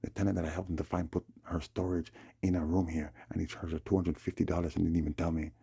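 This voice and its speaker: Man, agitated vlog rant; very low, raspy voice with fry, mellow, dry close mic. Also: level tone, fast, no echo. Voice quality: husky, gravelly. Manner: agitated, repeats himself, acts out the other people's lines. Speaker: vlogger. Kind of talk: rambling monologue recounting a dispute.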